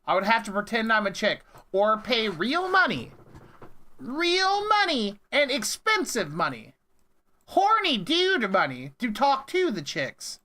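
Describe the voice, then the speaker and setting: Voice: medium pitch, wildly swooping pitch, unhurried, sharp tone. A streamer ranting casually to chat in an exasperated, rambling way, with swearing, at a desk mic at home. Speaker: prank call streamer.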